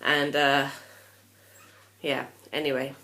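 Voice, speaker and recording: A young woman vlogger chats casually to camera in a very deep, level voice that is bright and forceful, speaking slowly. She sounds tired and slightly out of breath, rambling frankly with plenty of ums.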